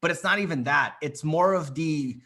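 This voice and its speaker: Over a video call, a male dating coach runs a live coaching session at a moderate pace. His voice sits slightly high, bright and tense, and he speaks bluntly and confidently, cursing as he drives each point home.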